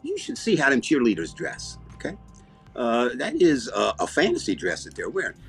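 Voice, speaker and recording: Man, alabama southern accent, husky voice, lively up-and-down pitch, deadpan rambling, faint music behind. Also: normal speed. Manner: rambling, deadpan, self-interrupting. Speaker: comedy show host. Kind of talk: comic talk-show banter in character.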